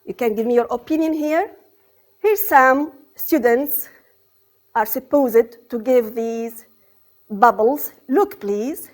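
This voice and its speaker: A woman teaching an English grammar and vocabulary lesson on the radio, repeating key words and checking understanding with quick questions. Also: high-pitched, lively intonation, a little mellow. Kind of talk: radio lesson for exam students. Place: radio studio.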